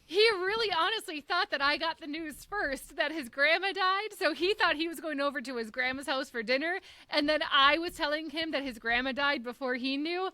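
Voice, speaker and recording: A woman's voice: high-pitched, normal speed, few pauses, pushed and bright, dry recording. A woman in her thirties co-hosting a casual chat, telling a story with lots of laughter and acted-out dialogue. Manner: laughs through stories, acts out dialogue. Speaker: podcast co-host.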